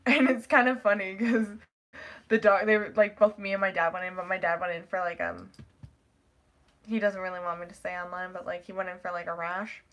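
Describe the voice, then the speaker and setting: A teenage girl vlogging casually, retelling a story in a rambling, animated way, full of "like" and quoted asides. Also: lowish voice, fairly quick. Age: teens.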